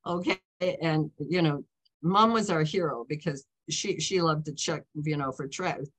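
Rambling woman in her seventies, lowish voice. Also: measured pace, breathy edge. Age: 70s. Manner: rambling, frequent "okay?" and "you know" check-ins, self-interrupting. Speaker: author. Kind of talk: casual author talk, anecdotal storytelling.

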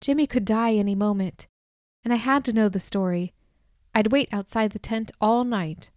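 Brief: female audiobook narrator, first person, even clear read, mid pitch, dry booth sound. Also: moderate pace, no room sound.

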